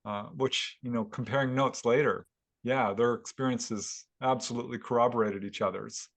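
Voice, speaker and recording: A man, a guest author, telling a story at length in a casual interview, animated and laughing now and then. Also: medium pitch, moderate pace. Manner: animated retelling with chuckles. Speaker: guest author and UFO investigator.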